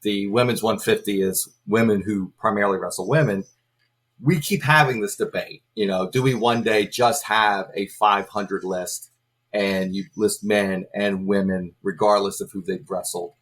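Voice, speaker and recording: A man speaking as a guest on a wrestling podcast, explaining things in a measured, informative way. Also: lowish voice, fairly even intonation, fairly bright tone. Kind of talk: casual podcast chat.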